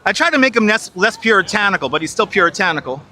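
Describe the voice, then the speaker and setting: A high-pitched man, his voice very bright and cutting. He narrates a walk through crowded outdoor streets in a casual, swearing, exasperated running commentary, recorded on a wireless lapel mic. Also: very animated, fast, a little hiss or hum. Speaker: live streamer walking the city. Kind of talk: casual live-stream commentary. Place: busy city streets outdoors.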